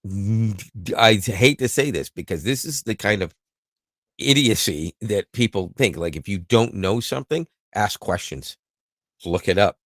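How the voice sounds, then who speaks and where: Man from Canada, podcast co-host, loose joking chat; low, lively voice. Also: a little slow, dry recording, studio quality. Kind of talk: casual chat.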